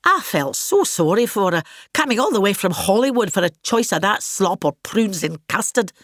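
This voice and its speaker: A woman's voice: mid-range voice, big pitch swings, normal speed, no echo, clean studio sound. A woman with a Scottish accent playing a vain, grandiose older actress in a scripted comic monologue, pompous and gossipy. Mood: grand.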